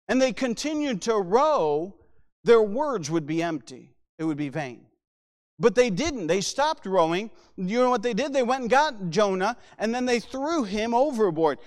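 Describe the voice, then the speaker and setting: A man with a high-pitched voice preaches a Sunday sermon. He reads scripture aloud in slow, stressed phrases and drives his points home with rising and falling emphasis. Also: long reverb tail. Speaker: pastor.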